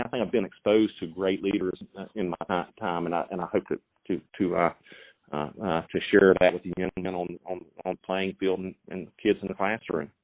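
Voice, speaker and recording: Middle-aged male coach, stammering restarts, low voice, dry tinny phone line. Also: no echo. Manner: halting, many repeated words and fillers. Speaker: high school football coach. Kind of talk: phone interview.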